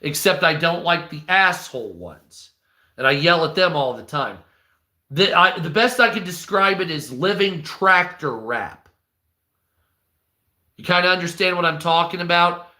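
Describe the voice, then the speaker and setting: A man's voice: fairly high pitch, lively intonation, measured pace, sharp tone. A man hosting a live stream, ranting in a rambling, profane, mocking way. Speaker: live stream news host. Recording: echoey room.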